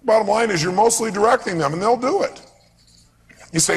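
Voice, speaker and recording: A man with a somewhat high, gravelly voice delivers a live seminar talk, lively and constantly putting questions to his audience. His voice rings out with a long reverb through a large hall. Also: a little fast. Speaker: seminar speaker.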